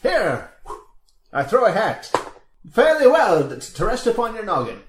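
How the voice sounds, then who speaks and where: A man's voice: high-pitched, wildly swooping pitch, unhurried, roomy sound, noisy background, voice pushed up, exaggerated voice. A man voicing a gallant, playful male adventurer in a theatrical way.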